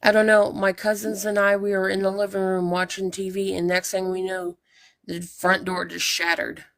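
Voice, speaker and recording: A woman co-host who speaks in a flat, monotone way with a gravelly edge to her voice. She mostly reacts briefly and sometimes tells a short story of her own. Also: mid-range voice, moderate pace. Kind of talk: casual chat.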